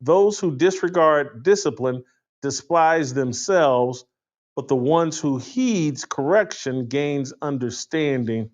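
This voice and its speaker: A man's voice: fairly high pitch, animated, takes it slowly. A man hosting a casual panel talk, lecturing in a preachy way. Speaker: host. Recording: dull lo-fi sound.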